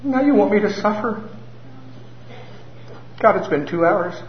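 A man voicing the whiny, self-pitying inner voice of the flesh, pitched well above his own. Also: animated, a little slow. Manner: pitiful, whining. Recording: roomy, slightly dull sound.

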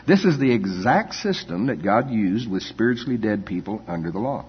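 Brief: older male pastor, low husky voice, chatty folksy delivery, dull echoey church hall. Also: expressive, moderate pace, few pauses. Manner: folksy, full of "you know" asides and chuckles. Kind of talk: conversational sermon.

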